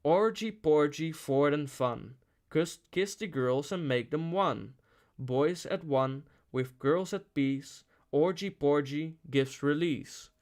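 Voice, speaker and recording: Man doing a big synthetic bass voice chanting a ritual song, slow and rhythmic. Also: a little mellow.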